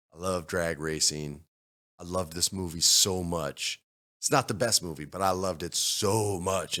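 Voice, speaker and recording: A man co-hosting a casual studio podcast, talking emphatically and breaking down how actors play their scenes. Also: deep voice. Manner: animated, emphatic, breaks down acting choices. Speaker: podcast co-host. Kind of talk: casual chat.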